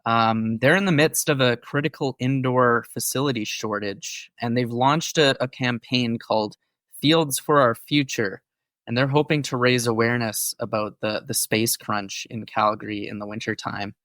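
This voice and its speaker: A man's voice: medium pitch, fairly even intonation, moderate pace, fairly bright tone, no echo. A man co-hosting a casual sports podcast, explaining topics in an informative way with a few fillers. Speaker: podcast co-host.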